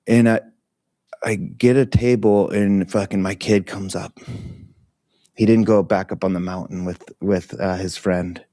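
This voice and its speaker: A middle-aged man tells a personal story in a loose, candid way, full of fillers, laughs and casual swearing. His voice sits a little low, and the recording is dry and close, with no room sound. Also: fairly even intonation, a little slow, warm tone, no room sound. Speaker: meditation talk leader.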